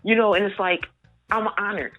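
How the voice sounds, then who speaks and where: A woman's voice: mid-range voice, fairly even intonation, moderate pace, fairly bright tone. A singer being interviewed on radio, a woman from New York who speaks earnestly about her gift and her faith. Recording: muffled lo-fi line with faint music.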